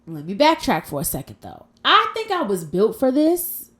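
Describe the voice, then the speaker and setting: A woman's voice: a little high, huge pitch swings, moderate pace, fairly bright tone. A woman hosting a casual solo podcast from home, talking in a frank, profane and playful way. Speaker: podcast host.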